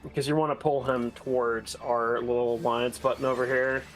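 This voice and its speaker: A man's voice: mid-range voice, flat delivery, moderate pace. A man streaming an online game, chatting casually with friends and explaining boss tactics, laughing often. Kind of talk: casual gaming chat with friends. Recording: faint game music behind.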